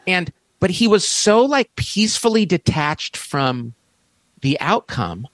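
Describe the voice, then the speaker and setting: A man's voice: high voice, very animated, slow pace, a bit bright, no room sound. A man in his fifties, a podcast guest, telling a story with enthusiasm and emphatic restarts. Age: 50s. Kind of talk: animated storytelling in conversation.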